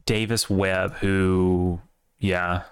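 A young man co-hosting a casual sports podcast, animated and swearing, with big jumps in pitch when excited. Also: drawn-out words, clear, resonant tone, no echo, clean studio sound. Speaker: podcast co-host.

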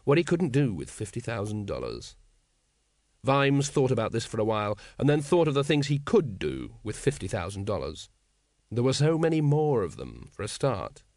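A man narrating a comic fantasy audiobook in a wry, measured way. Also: mid-range voice, big pitch swings, a little mellow, no echo, clean studio sound. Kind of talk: scripted narration.

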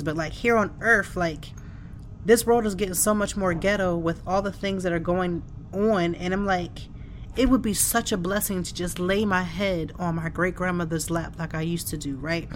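A middle-aged woman's voice, on the low side with fairly even intonation and normal speed, carries a heartfelt, conversational podcast monologue from her home office. She leans often on "like" and "you know," and a faint hiss or hum sits under the recording.

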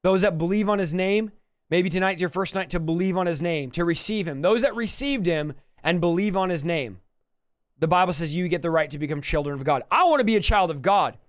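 Fervent high-voiced male preacher. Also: brisk, dry recording, clean studio sound. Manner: fervent, repetitive exhortation. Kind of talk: sermon with prayer.

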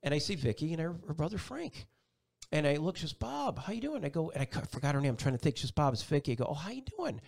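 Middle-aged male guest, storyteller, animated delivery, voices the people in his anecdotes. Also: on the high side, very fast. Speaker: chief meteorologist, guest. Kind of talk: personal storytelling in an interview.

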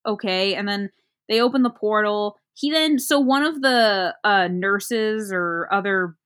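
A woman in casual chat, recapping a movie plot in a rambling, halting way with many fillers. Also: mid-range voice, a bit bright, smooth.

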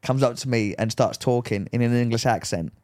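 A man's voice: mid-range voice, brisk, a little mellow. A man co-hosting a podcast, telling a rambling story in casual chat, full of likes and rights. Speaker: podcast co-host.

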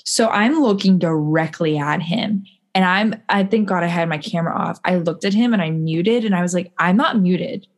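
A woman's voice: fairly low pitch, moderate pace. A woman co-hosting a podcast, chatting casually in a rambling way with many restarts. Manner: rambling, full of fillers and restarts. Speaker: podcast co-host. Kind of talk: casual chat.

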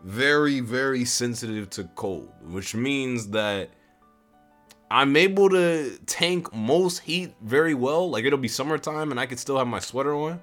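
A young man vlogging in a rambling, lively way, his voice leaping high and dropping low. He stands back from the mic in a room. Soft music plays underneath. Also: a little slow. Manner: animated, rambling, lots of restarts. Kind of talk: casual chat to camera. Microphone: stands away from the mic.

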